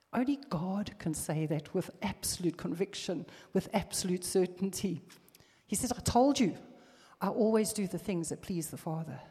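A woman's voice: medium pitch, darkish tone, breathy edge, long reverb tail. A woman preaching a sermon, reading scripture and building to emphatic, fervent exhortation.

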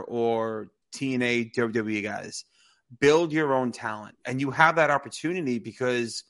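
A man's voice: mid-range voice, fairly bright tone. A man co-hosting a casual podcast, talking in a loose, rambling way, full of "you know" and restarts. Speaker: podcast co-host. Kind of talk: casual wrestling podcast chat.

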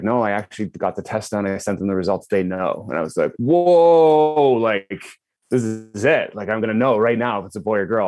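A man's voice: lowish voice, dry recording. A man in his thirties, a podcast guest, talking casually with lots of fillers and restarts. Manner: animated, many fillers and restarts. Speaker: podcast guest, breathwork company co-founder. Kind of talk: casual storytelling.

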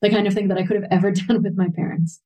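A woman's voice: mid-range voice, fairly even intonation, rapid-fire, warm tone, low-quality recording. A woman in her thirties, a parent and podcast guest, speaking reflectively in a candid interview, often saying "you know.".

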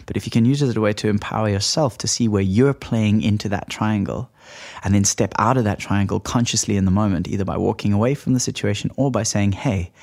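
A man with a lowish, gravelly voice talks through ideas on his own podcast. His delivery is relaxed and reflective, like he is thinking aloud. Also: fast talker. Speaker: podcast host. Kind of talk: solo podcast talk.

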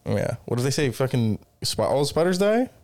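A man's voice: medium pitch, sing-song, fairly quick, a little mellow. A man co-hosting a casual chat podcast, blunt and profane with a joking manner. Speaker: podcast co-host.

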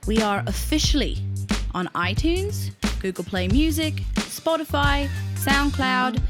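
A young woman co-hosting a casual podcast, playful and quick to laugh. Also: high voice, lively intonation, loud music behind the voice. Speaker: podcast co-host.

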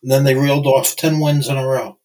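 Regular-pitched guy, easygoing football talk, lots of "you know". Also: steady tone, darkish tone, poor audio. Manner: measured, conversational, uses fillers like "you know". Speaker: podcast co-host. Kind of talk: casual sports chat.

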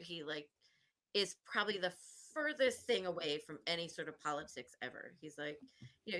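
A woman co-hosting a casual podcast, telling a story about her bar shift with plenty of laughs. She slips into little voices for the people she describes. Her tone is bright and forceful, sitting a bit low for a woman. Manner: animated storyteller, acts out voices, laughs often. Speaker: podcast co-host; bartender.

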